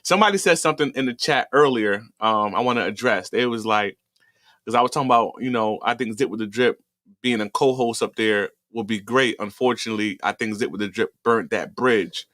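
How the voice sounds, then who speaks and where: A man hosting a casual live stream, animated and quick to laugh. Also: fairly low pitch, no echo, clean studio sound. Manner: animated, laughs often, drawn-out reactions. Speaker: host.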